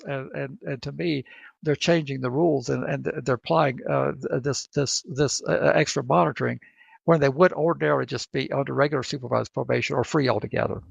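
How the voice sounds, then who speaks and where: A man with a Southern accent co-hosting a podcast, talking in a halting way and often repeating words as he thinks. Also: fairly high pitch, creaky, husky, dry recording. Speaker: co-host. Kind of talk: casual podcast chat. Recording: dry, dull lo-fi sound.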